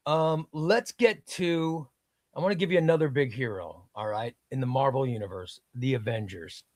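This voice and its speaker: A man's voice: medium pitch, moderate pace, darkish tone, no echo, studio quality. A man hosting a casual chat, rambling and repeating words as he talks. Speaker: host.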